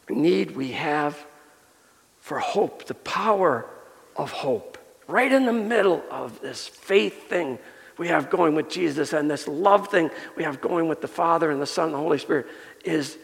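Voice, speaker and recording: A male pastor preaching a sermon and telling a personal story, earnest, building up and softening by turns. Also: high voice, gravelly. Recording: long reverb of a large hall.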